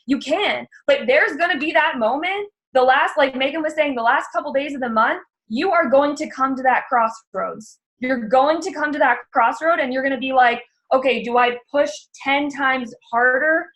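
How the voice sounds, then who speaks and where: Young woman, team leader, emphatic pep talk, repeats herself for weight, somewhat high-pitched. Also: normal speed, few pauses, a bit bright, low-quality recording. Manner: earnest, emphatic, repeats key lines. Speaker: team leader speaking to her sales team.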